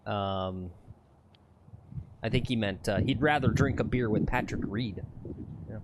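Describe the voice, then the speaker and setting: A man's voice: on the low side, a little slow, noisy background. A man co-hosting a golf livestream from the course, joking around and reading viewer comments. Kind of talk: casual chat.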